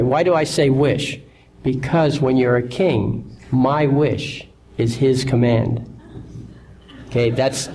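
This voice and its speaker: A man's voice: mid-range voice, a little mellow, a little hiss or hum, rough recording. A man giving an instructional talk in a confident, assured manner, often checking in with listeners. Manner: confident, repeats "okay?" to check in. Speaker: lecturer.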